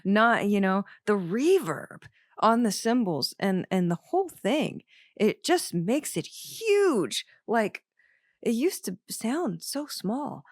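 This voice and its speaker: A woman's voice: medium pitch, very animated, slow, no room sound, clean studio sound. A woman hosting a show, giving casual, enthusiastic commentary on an album with lots of fillers. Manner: enthusiastic, chatty, many fillers. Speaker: podcast host.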